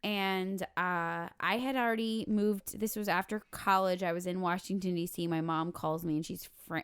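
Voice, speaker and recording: A woman with a Minnesotan accent, a teacher and podcast guest, chatting casually and telling lively stories. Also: fairly low pitch, moderate pace, smooth, no room sound. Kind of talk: casual chat.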